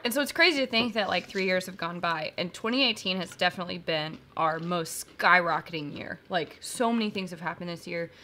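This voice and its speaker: A woman's voice: fairly low pitch, brisk, hardly any pauses, pushed and bright, a little hiss or hum. A woman co-hosting a live whiskey stream, chatting casually in an emotional, giggly way. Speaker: co-host.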